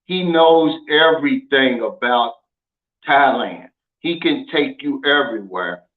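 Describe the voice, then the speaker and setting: A man's voice: mid-range voice, expressive, takes it slowly. A man hosting a casual vlog, talking in a folksy, emphatic way and reading out viewer comments. He is from the United States and often drops "man" into his sentences. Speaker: channel host. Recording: narrow phone-like sound.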